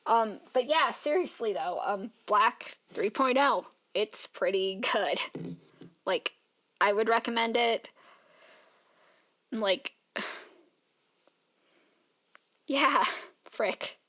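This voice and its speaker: A tired young woman rambles through a casual vlog chat, leaning on "like" in nearly every phrase. Her voice sits a little high, and she sounds worn out and sleepy. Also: very slow, long pauses, pushed and bright. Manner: rambling, filler-heavy, says "like" constantly. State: tired, yawning. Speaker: art vlogger.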